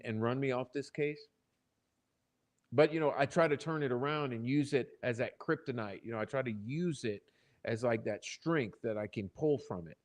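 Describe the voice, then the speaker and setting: Swearing, heated male stream host. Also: mid-range voice. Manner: swears often, shifts from loud outbursts to muttering. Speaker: channel host. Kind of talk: live-stream commentary. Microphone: desk microphone.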